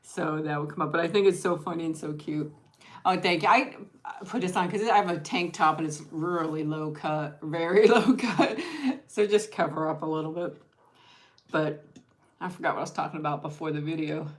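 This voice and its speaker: Low-voiced woman chatting with her viewers. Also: steady tone, brisk. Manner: rambling, restarts sentences and thanks viewers by name. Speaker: vlogger hosting an eat-with-me stream. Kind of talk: casual livestream chat.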